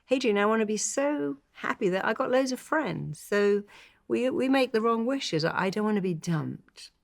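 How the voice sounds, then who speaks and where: A woman's voice: fairly high pitch, expressive, normal speed, creaky. An older woman therapist in a conversational interview, telling stories animatedly and acting out the quoted voices. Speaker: therapist guest.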